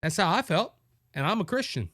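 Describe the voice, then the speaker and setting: Cajun-accented male show host, high bright voice, slow emphatic monologue with repeats and restarts. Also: very animated, no echo, clean studio sound. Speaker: podcast host. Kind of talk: opinion monologue.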